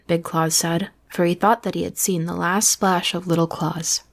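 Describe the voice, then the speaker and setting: A woman reading a fairy tale aloud in a soft, hushed bedtime voice, as whispered role-play. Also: on the low side, little pitch movement, moderate pace. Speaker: storyteller.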